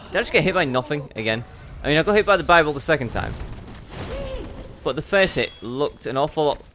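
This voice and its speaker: A man's voice: on the high side, expressive, a little fast, a bit bright, a little hiss or hum. Chatty man narrating his gameplay. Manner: chatty, self-mocking, talks to the game. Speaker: let's play host. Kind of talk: gameplay commentary.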